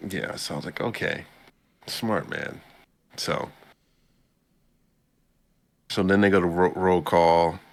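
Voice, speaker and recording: A man co-hosting a casual podcast, animatedly retelling an anime episode and jumping into a higher voice for the characters' lines. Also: vocal fry, a bit bright. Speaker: podcast co-host recapping an anime. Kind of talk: casual chat.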